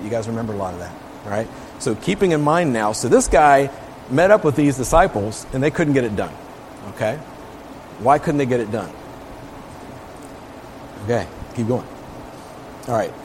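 A man's voice: medium pitch, expressive, fairly quick, long pauses, background noise. A man preaching in a casual, conversational way, reading scripture aloud with emphasis and often checking in with his listeners. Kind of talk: casual Bible teaching.

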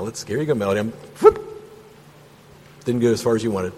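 Guy teaching bible study in a church hall, kinda husky, reads verses then jokes around, long echo. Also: medium pitch, animated, brisk, pauses often. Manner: reads scripture aloud, breaks off to banter with the group. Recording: roomy hall reverb.

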